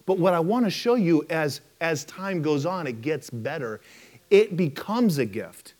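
A man's voice: on the high side, measured pace. A male pastor preaching a sermon, telling stories animatedly and acting out the people in them. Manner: storytelling, animated with impressions.

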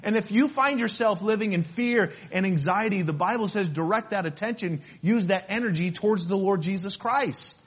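A man preaching a sermon in an emphatic, animated way, repeating his key phrases. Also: high voice, normal speed, few pauses, husky.

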